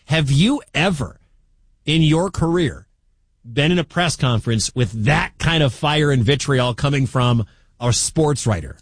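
Animated Midwestern radio host, husky voice, pitch jumping around, dry booth sound. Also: male voice, measured pace, no echo. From American Midwest. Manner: animated, incredulous, chatty. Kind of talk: sports talk radio.

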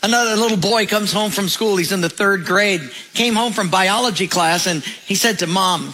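A man's voice: high voice, normal speed, few pauses, sharp tone, rough recording. A male pastor preaching a sermon, telling humorous stories and acting out the voices in them. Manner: storytelling with acted voices and humor.

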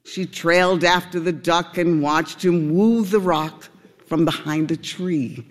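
Slow, high-voiced male storyteller. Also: steady tone, big-room sound. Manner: gentle, unhurried storytelling. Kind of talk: storybook narration.

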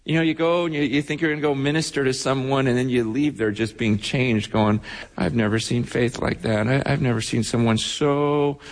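A man's voice: mid-range voice, fairly even intonation, moderate pace. A man preaching a sermon as pastor, telling stories with emotion and frequent restarts. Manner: storytelling, emotional, many restarts. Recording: long hall reverb.

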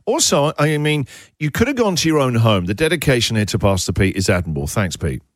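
Man as radio host, animated pitch, teasing quips, dry close studio sound. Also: dry recording. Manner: teasing, quick comic asides. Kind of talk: joking radio banter.

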